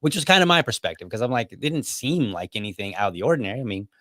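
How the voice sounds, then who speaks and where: A man hosts a podcast and tells a long story in a loose, casual way. He often restarts his sentences and wanders into asides. His voice sits at a middle pitch and sounds dry and close. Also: sing-song, racing, bright, forceful tone, no room sound. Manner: rambling, many restarts and asides. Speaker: podcast host.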